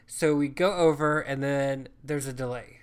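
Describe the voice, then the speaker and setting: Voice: medium pitch, steady tone, moderate pace, smooth. A co-host telling a travel story in casual chat, swearing freely and acting out what people said. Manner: profane, chatty, acts out quoted lines.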